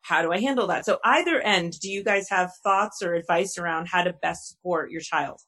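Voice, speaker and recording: A woman's voice: on the low side, brisk, a bit bright. A woman hosting a podcast, talking candidly about her sons and asking her guests for advice. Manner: candid, chatty, self-disclosing. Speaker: host. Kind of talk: podcast discussion.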